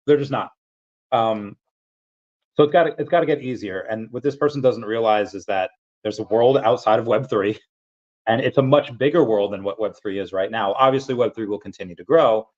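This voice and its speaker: A man with a low voice hosts a casual livestream, talking loosely and reading out viewer comments as they come in. He rambles from one point to the next. The audio is dull and lo-fi. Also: brisk, darkish tone. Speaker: livestream host.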